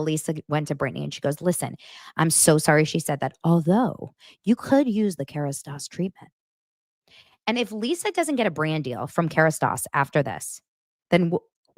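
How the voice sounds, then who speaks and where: Animated, gossipy woman host. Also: sits low, no echo, studio quality. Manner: animated, gossipy, swears casually. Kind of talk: casual reality TV recap.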